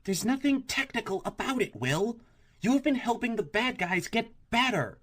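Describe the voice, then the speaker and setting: A man's voice: mid-range voice, animated, moderate pace, pitched above the performer's own voice, natural voice. A man voicing a fierce young woman who questions sharply and confronts. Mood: accusing.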